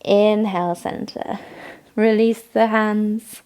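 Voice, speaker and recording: A woman leading a morning yoga class, giving calm step-by-step cues and frequent praise. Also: medium pitch, takes it slowly, clear, resonant tone. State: has the hiccups. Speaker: yoga instructor. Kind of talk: guided yoga class instruction.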